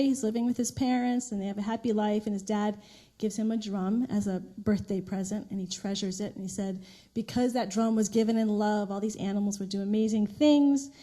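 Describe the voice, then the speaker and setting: A middle-aged woman minister giving a sermon in a conversational storytelling way, with restarts and soft laughs. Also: mid-range voice. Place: church sanctuary.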